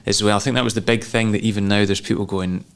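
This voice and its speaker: Easygoing Scottish man, lowish voice. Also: steady tone, quick pace, gravelly, clean tone. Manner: easygoing, chuckles often, self-deprecating. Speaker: comedian and actor guest. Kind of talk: relaxed interview chat.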